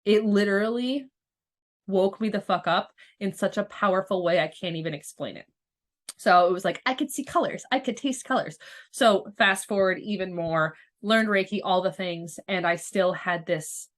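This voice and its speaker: A woman in her thirties who hosts a podcast and works as a spiritual coach tells her story in a fairly low, fairly bright voice. The casual monologue is candid and rambling, full of swearing and restarts.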